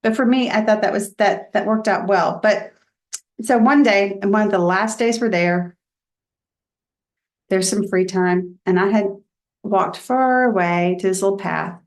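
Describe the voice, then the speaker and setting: A woman minister gives a Dharma talk in a candid, reflective storytelling way. Her voice sits in an ordinary middle pitch. She often drops soft and quiet. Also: a little slow. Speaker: reverend giving a Dharma talk.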